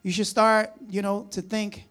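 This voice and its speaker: A man's voice: high voice, level tone, a little slow, fairly bright tone, soft background music. A man from the New Jersey or New York area preaching a conversational sermon, folksy and chatty with frequent asides and chuckles. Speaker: pastor.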